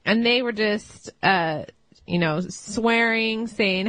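A woman's voice: fairly high pitch, takes it slowly, fairly bright tone, no echo. A woman guest on a talk radio show, telling a story in a chatty way. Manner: chatty, laughs while telling. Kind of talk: casual storytelling.

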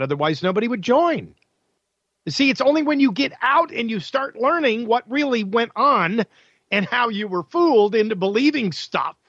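A man's voice: high voice, fairly bright tone, no room sound, dull audio. A male talk radio host delivering an opinionated, combative monologue full of sarcasm and rhetorical questions.

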